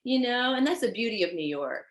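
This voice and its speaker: A woman with a Haitian accent, a fashion designer guest telling stories in an animated, chatty way. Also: a little high, fairly quick. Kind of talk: casual chat. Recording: roomy echo.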